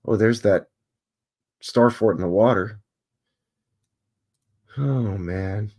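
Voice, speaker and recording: A man's voice: lowish voice, slow pace, darkish tone. A man hosting a live stream, musing and chatting as he thinks aloud over old photographs.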